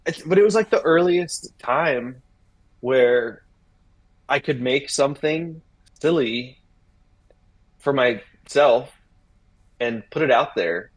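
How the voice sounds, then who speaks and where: Husky man telling a rambling story. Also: mid-range voice, slow pace, pauses often, rough recording. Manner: rambling, animated retelling with acted-out quotes. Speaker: interview guest. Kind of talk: casual storytelling in an interview.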